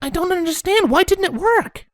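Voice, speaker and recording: A man voicing an eager, bookish adult female pony princess who talks in an excitable, chirpy way. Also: extremely high pitch, moderate pace, no echo, pitched above the performer's own voice.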